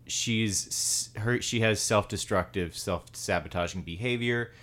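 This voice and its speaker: A man with a Southern US accent talks through a film in a loose, casual way. His voice sits fairly low, and he circles back and restarts his thoughts as he goes. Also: a little slow, fairly bright tone. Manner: meandering, restarts his sentences.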